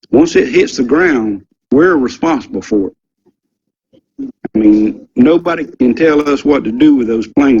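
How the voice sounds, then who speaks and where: A man's voice: medium pitch, darkish tone, slight background noise. Older man rambling through a memory. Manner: rambling, folksy, with frequent ums and mild swearing. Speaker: interview guest, former military security policeman. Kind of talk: casual storytelling recollection. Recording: dull lo-fi audio.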